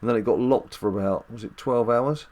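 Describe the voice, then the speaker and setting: A man's voice: mid-range voice, a little fast, darkish tone, lo-fi sound. A man hosting a casual mobile game let's-play at home, chatty and rambling with jokes and filler ums. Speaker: dad gaming channel host.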